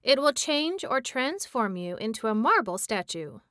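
Lady doing a stern wrinkly old witch, higher and louder than her normal read, bossy and severe, dry close sound. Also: big pitch swings, moderate pace, no echo. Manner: severe, commanding storybook witch.

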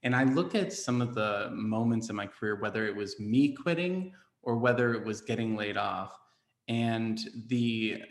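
A man with a fairly low voice hosts a casual podcast chat, thinking aloud with frequent "um" and "right?". His voice carries a roomy echo. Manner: reflective, loose, many fillers and "right?".

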